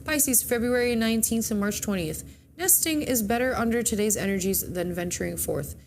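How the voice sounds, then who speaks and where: Chatty woman with a gravelly voice. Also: a little high, fairly quick, darkish tone, a little hiss or hum. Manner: chatty, reads with slips and self-corrections. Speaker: morning show co-host reading horoscopes. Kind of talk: casual chat, reading horoscopes aloud.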